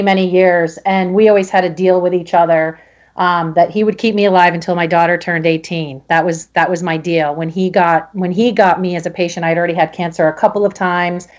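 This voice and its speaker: A woman guest telling her own story in halting speech, with many restarts and fillers. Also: on the low side, a little mellow, dull audio. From Connecticut. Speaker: podcast guest. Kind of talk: emotional personal story.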